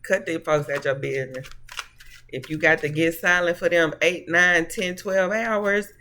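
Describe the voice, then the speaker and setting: Give me a high-voiced man doing a casual tarot reading to camera, sassy and preachy. He calls the viewers honey and baby and laughs easily between his points. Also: steady tone, unhurried, sharp tone, a little hiss or hum. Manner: laughs often. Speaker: tarot reader.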